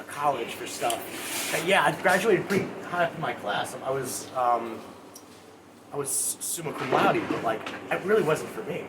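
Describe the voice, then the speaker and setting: Earnest American man chatting casually. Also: mid-range voice. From United States. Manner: rambling, filler-heavy, earnest. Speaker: podcast host. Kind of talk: casual chat. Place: indoor market in a mall. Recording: distant mic, loud market noise.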